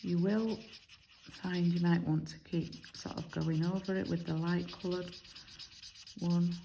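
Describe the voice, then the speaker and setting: A British woman demonstrates card making in a chatty, step-by-step way. Her voice sits low, with a gravelly, mellow tone. She talks along as she works, explaining each move. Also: steady tone, a little slow, slight background noise, rough recording. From United Kingdom. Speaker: craft demonstrator.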